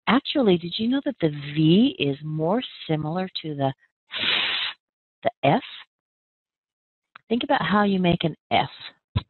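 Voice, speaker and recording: A woman with an American accent giving a pronunciation lesson, slowly and carefully spelling out sounds. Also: low-pitched, no room sound. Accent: General American. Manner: slow, careful enunciation of sounds. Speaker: accent trainer. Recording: narrow phone-like sound.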